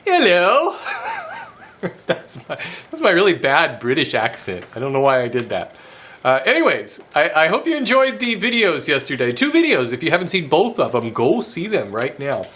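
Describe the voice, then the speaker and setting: A man's voice: fairly high pitch, very animated, fairly quick, fairly bright tone, slight background noise. A man hosting a woodworking channel, chatting casually to camera and laughing often at himself.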